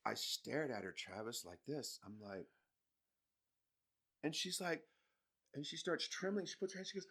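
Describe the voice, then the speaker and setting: A man telling a personal story as a guest on a podcast, animated, jumping from loud emphasis to hushed asides. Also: medium pitch, moderate pace, long pauses. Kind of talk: casual storytelling.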